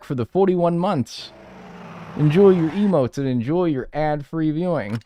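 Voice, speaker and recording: A man's voice: fairly high pitch, a little mellow. A man in his twenties chatting casually and profanely with his viewers while playing a game, rambling and trailing off into mumbles. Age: 20s. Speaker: streamer. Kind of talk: casual chat while gaming and reading chat.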